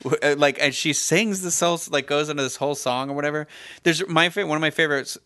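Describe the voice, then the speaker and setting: A man co-hosting a podcast in casual chat, excitable and acting out quotes in high voices. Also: fast, no echo, studio quality. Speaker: podcast co-host.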